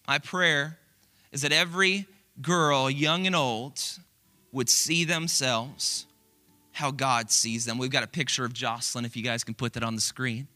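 A man preaching a sermon to a church congregation, telling a story in an earnest, animated, conversational way. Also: mid-range voice, a little slow. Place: church auditorium with screen.

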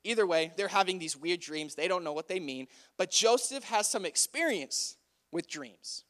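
A man's voice: high-pitched, lively intonation, normal speed, a bit bright. Chatty young man retelling a Bible story. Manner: chatty, playful, often says "like".

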